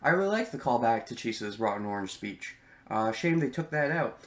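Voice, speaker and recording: A man of ordinary pitch gives a casual, unscripted spoken commentary, full of ums and restarts and free with a swear word. His voice carries a roomy echo, as if he is recording in a bare room. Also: animated, a little fast, fairly bright tone. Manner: rambling and candid, many ums, swears freely. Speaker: anime reaction youtuber.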